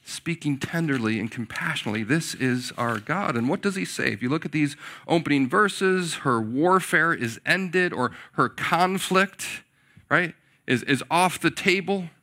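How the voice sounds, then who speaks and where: A man delivers a sermon in an earnest, heartfelt way, circling back to repeat key words. His voice is bright and a touch higher than most men's. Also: animated, unhurried. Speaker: pastor.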